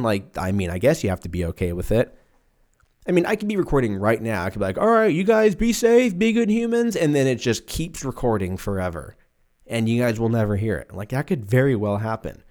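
Alone at home in a room with the windows open, a podcast host in his twenties rambles, swears freely and drifts into exaggerated, silly voices. He has a lowish voice with a darkish tone.

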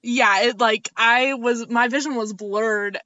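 A woman's voice: on the high side, steady tone, takes it slowly, bright, forceful tone, dry recording. Laughing young woman telling a story. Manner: laughs often while telling a story, rambling with many "like"s. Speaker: podcast co-host. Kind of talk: casual storytelling chat. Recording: slightly dull lo-fi audio, dry.

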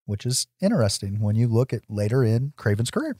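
A man co-hosting a casual podcast, retelling a movie scene by scene with lively, laughing energy and some swearing. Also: medium pitch, brisk, no echo, clean studio sound. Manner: animated storytelling, acts out quotes with laughs, swears. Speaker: podcast co-host. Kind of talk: casual film recap chat.

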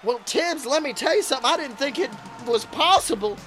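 A man voicing a crude, excitable wrestling announcer who calls the action in profane play-by-play. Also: very high voice, fairly quick, faint music behind, exaggerated voice. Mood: excited. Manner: profane, excitable, shouts big moves. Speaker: wrestling commentator character. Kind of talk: comedic play-by-play commentary.

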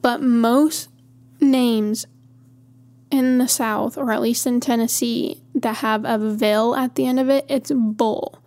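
A woman's voice: fairly high pitch, fairly even intonation, takes it slowly, darkish tone. A woman from Montana hosting a podcast, talking in a chatty, rambling way and easily amused. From Montana, USA. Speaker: podcast host. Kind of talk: casual monologue.

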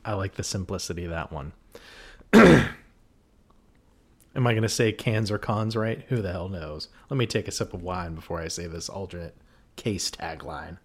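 A man in a loose, joking podcast conversation, wandering through his points with plenty of ums. His voice sits somewhat low. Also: normal speed, husky. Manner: jokey, rambling, many fillers. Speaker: podcast co-host. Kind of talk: casual chat.

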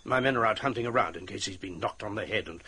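An actor in a radio play voicing a gruff police captain who speaks in a brusque, matter-of-fact way. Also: male voice, on the low side, fast talker, pushed and bright, slight background noise.

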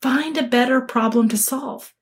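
A woman's voice: high voice, moderate pace. A woman coaching listeners in an earnest, emphatic talk, acting out the quoted voices of others. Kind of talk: motivational talk to camera.

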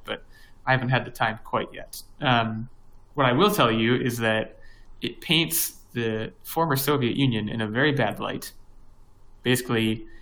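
A young man talks casually on a podcast, wandering through his points and restarting sentences. His pitch sits at an ordinary middle level and his delivery stays loose and conversational. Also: fairly bright tone, poor audio. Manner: rambling, many fillers and restarts. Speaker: podcast co-host. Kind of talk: casual chat.

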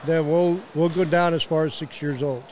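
Plainspoken Midwestern man, slightly higher voice. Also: fairly even intonation, normal speed, darkish tone, a little hiss or hum. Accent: Midwestern American. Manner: plainspoken, explains tournament logistics. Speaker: youth archery organizer. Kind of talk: casual conversation. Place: outdoor venue at a fairgrounds.

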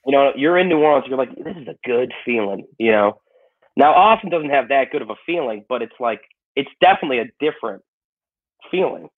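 A man's voice: mid-range voice, animated, fairly quick. A man with a Chicago accent in a casual podcast chat, rambling with lots of "you know" and swearing. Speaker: comedian moving cities. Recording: tinny phone-like sound.

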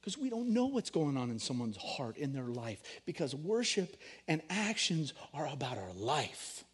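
A middle-aged man delivers a sermon in a slightly raised voice. He is animated, pushing key words loudly and then dropping low for quiet stories. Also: normal speed, husky. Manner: animated, swings between loud emphasis and hushed storytelling. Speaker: pastor.

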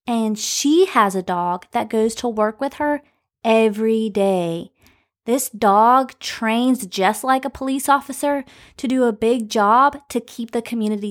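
Slow, sing-song woman teaching children. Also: a little high. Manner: slow, stretched-out phonics sounds. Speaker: children's podcast host and teacher.

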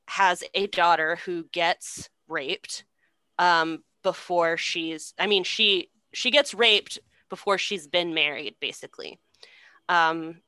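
A young woman recapping a story casually, animated and swearing, laughing often. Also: on the low side, clean tone, dry recording.

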